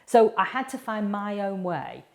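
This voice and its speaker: A woman with a Yorkshire accent, teaching a public speaking course lesson in a lively, chatty way and putting questions to the viewer. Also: mid-range voice, unhurried, vocal fry. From Yorkshire, England. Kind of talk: recorded online course lesson.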